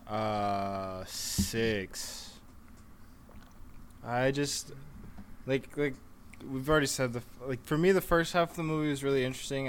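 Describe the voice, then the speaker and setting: A man's voice: mid-range voice, fairly bright tone, slight background noise. A man co-hosting a casual movie review podcast, laughing often and trailing off with hesitant phrasing. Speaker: podcast co-host.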